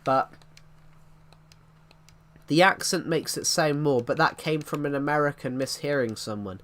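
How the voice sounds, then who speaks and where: Here a young British streamer in his twenties answers his chat casually and rambles along as he plays. The voice is fairly high and fairly bright, and he speaks a little slowly.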